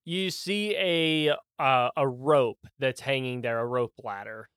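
Game master, unhurried narration, full of fillers and chuckles, dry and close mic. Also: medium pitch, a bit bright, clear, resonant tone, no room sound.

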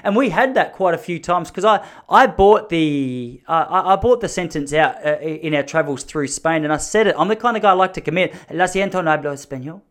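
Australian man, comedic monologue, slightly high pitch, rambling, self-mocking, blunt. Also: expressive, fairly quick, few pauses, a bit bright. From Melbourne, Australia.

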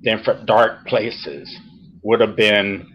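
A middle-aged man speaks as a podcast guest, unhurried and earnest. He pauses and restarts as emotion creeps in. The audio is a touch muffled. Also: lowish voice, steady tone, husky. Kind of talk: heartfelt interview talk.

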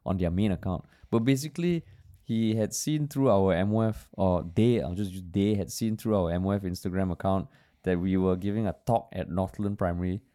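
A man's voice: deep voice, a little fast. A man with a Singaporean English accent co-hosting a podcast in casual chat, telling stories with frequent laughter and swearing. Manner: laughing, swearing, animated storyteller. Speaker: podcast co-host.

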